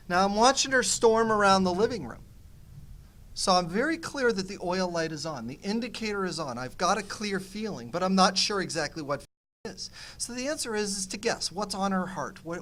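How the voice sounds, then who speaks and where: This middle-aged man, whose voice runs high and whose pace is moderate, teaches nonviolent communication. On a panel, he animatedly tells a personal story, acting out both sides of a conversation.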